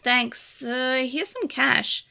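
A woman's voice: sits high, expressive, drawn-out words, vocal fry, bright, forceful tone, full character voice. A woman voicing a wry, blunt young woman researcher in a storybook reading, griping and teasing. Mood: cool.

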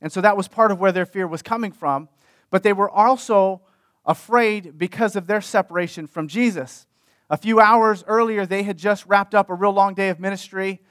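A man's voice: sits high, normal speed, fairly bright tone, no echo, studio quality. A man preaching a sermon in a conversational way, repeating key phrases for emphasis. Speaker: pastor.

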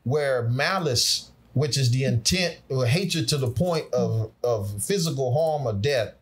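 A man's voice: mid-range voice, unhurried, slightly rough. A man, teaching on scripture in an emphatic, preacherly conversational way. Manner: preacherly, emphatic, dialect speech, laughs along.

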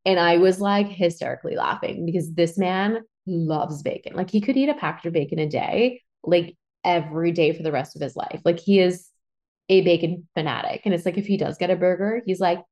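Chatty, animated woman with a lowish voice. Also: fairly quick. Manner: chatty, animated, swears freely. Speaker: podcast host. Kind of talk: casual storytelling monologue.

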